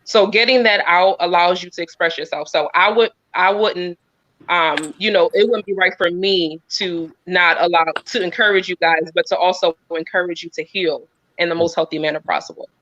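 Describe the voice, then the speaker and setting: A woman on a video call giving a sincere, encouraging talk, earnest and pausing with frequent ums. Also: fairly low pitch, steady tone, a bit bright, dry recording. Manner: earnest, many pauses and filler ums. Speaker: guest speaker. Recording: dull, dry lo-fi sound.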